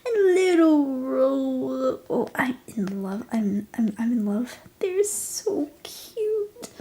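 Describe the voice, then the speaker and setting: Slow-talking gushing woman streamer. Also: sits high. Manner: gushing, slips into soft whispers. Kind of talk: casual live-stream chat.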